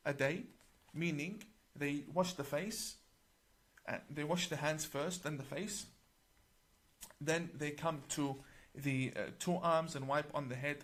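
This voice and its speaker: A middle-aged male imam with a somewhat raised speaking pitch explains a religious book to camera. He talks in a deliberate, emphatic way and slows down to stress key words. He also recites passages in Arabic. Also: a bit bright.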